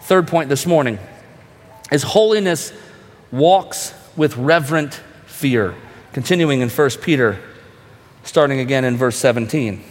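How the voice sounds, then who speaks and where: A man's voice: mid-range voice, animated, unhurried, in a large hall. A man preaching a sermon as pastor, earnest and direct, asking the congregation rhetorical questions.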